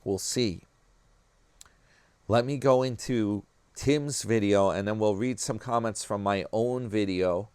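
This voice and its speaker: Rambling low-voiced New York vlogger man. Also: slow, a little mellow, clear, resonant tone, no echo. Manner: chatty, rambling, peppers talk with "man" and "guys". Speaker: YouTube commentary vlogger. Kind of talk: casual rambling commentary.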